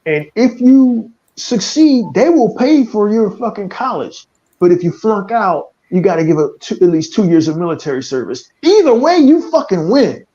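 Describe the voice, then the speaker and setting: A man's voice: high voice, very animated, moderate pace, mellow, muffled recording. A man from the United States hosting a casual podcast, talking in a profane, opinionated way with stammering restarts. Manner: profane, stammering restarts, laughs at his own jokes. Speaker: podcast host.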